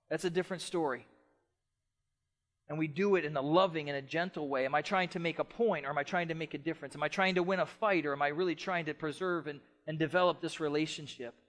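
A middle-aged pastor with a fairly high pitch preaches a passionate sermon, moving between loud, emphatic stretches and gentle, quiet ones.

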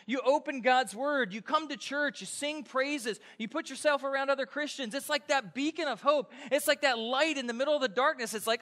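A high, bright-voiced middle-aged man preaches in a church, his words ringing with long hall reverb. He tells stories with lively energy and suddenly acts out shouted calls. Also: fairly quick, hardly any pauses. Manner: animated storytelling with acted-out shouts. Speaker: pastor. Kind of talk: sermon.

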